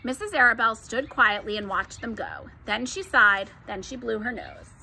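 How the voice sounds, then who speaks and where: Bright-voiced woman reading a storybook aloud. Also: a little high, normal speed, vocal fry, slight background noise. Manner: expressive, gentle storytelling. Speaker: storybook reader. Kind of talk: children's book read-aloud narration.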